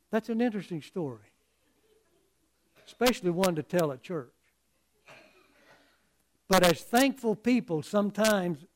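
An earnest male preacher delivering a sermon in a high voice. He speaks very slowly and haltingly, often stumbling and repeating words before carrying on.

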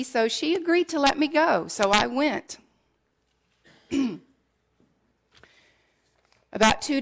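A middle-aged woman giving an emotional sermon, sharing her testimony earnestly and sometimes dropping almost to a whisper. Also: mid-range voice. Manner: earnest, drops to near whispers at painful moments.

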